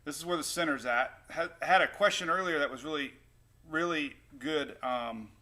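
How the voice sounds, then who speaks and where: Bright and forceful, his voice leans high and moves at a moderate pace as he hosts a casual weather stream. The man rambles cheerfully with viewers, recorded on a new desktop microphone.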